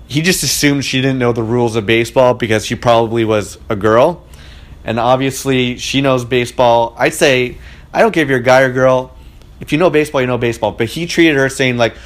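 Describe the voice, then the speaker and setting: A man's voice: medium pitch, a little fast. A man telling a story in a casual monologue at home in his living room, talking in a chatty and indignant way. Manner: chatty, indignant, frequent "like" fillers.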